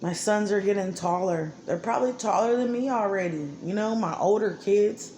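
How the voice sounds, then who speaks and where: A woman's voice: mid-range voice, normal speed, darkish tone. A woman ranting angrily and profanely about her life and her children's father. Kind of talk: angry personal monologue. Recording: echoey room with faint background noise.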